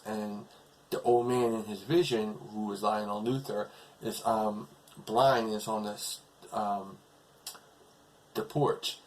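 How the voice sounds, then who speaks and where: Low-voiced man rambling through a recap. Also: slight background noise, low-quality recording. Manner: rambling retelling full of fillers. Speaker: TV episode reviewer. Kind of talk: casual episode recap.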